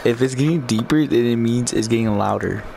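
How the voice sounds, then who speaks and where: Quiet-voiced guy, gravelly and mid-pitched, exasperated in casual voice chat. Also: fairly quick. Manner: soft-spoken, defensive, exasperated. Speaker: game player. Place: online game voice chat.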